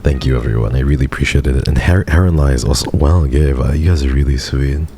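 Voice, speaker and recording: A man streaming casually, speaking softly in a subdued monotone while sparing a sore throat. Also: very deep voice, fairly quick, gravelly, a little hiss or hum. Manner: soft-spoken and subdued, flat monotone delivery. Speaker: VTuber streamer. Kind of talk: casual livestream chat.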